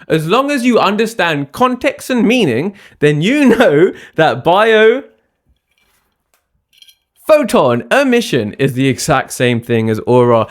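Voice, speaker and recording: A man talking straight to camera in a chatty, emphatic vlog, often checking in with a quick "yeah?". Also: a little high. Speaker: spiritual science vlogger. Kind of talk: casual talking-head vlog.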